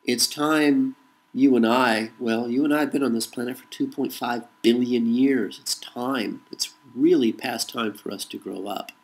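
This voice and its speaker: A man's voice: mid-range voice, steady tone, measured pace, low-quality recording. A man from the United States delivering a rhetorical political monologue, repeating a refrain between points. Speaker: political commentator. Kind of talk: monologue to camera.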